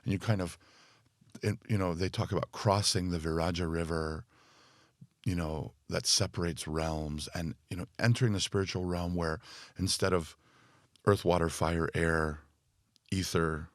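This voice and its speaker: A man speaking as a podcast guest and spiritual teacher, thoughtful and full of fillers, growing more animated as he explains. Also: deep voice, moderate pace, no echo, studio quality. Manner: thoughtful, speaks in loose phrases with many fillers. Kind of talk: reflective podcast conversation.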